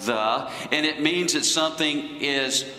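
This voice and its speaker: A man preaching a sermon in a slow, deliberate teaching manner. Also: fairly high pitch, sharp tone, roomy sound, big-room sound, poor audio.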